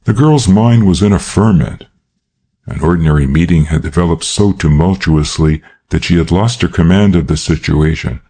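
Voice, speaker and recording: A male narrator reading a classic crime novel with a measured, unhurried delivery. His voice is very deep and dark, with a husky texture. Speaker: audiobook narrator. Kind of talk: scripted narration.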